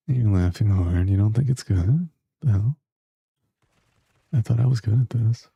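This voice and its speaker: A male streamer with a low, gravelly voice and a very dark, husky tone, chatting casually and joking with his viewers. The sound is dry and close, with almost no room around it. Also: expressive, unhurried, pauses often, no room sound. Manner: joking, bantering with chat, talks to self while gaming. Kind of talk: casual live-stream chat.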